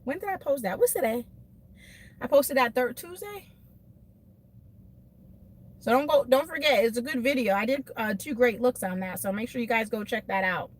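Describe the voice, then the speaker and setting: Woman vlogger, fairly high voice, emphatic live-stream rant from her car. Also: moderate pace, long pauses. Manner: animated, emphatic, laughs often, talks to chat by name. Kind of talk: casual venting rant to live viewers.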